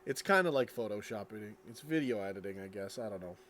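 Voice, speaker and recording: A man's voice: fairly low pitch, animated, fast, fairly bright tone, a little hiss or hum. A tired man streaming late at night, reading chat and rambling casually, yawning as he talks. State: sleepy, yawning.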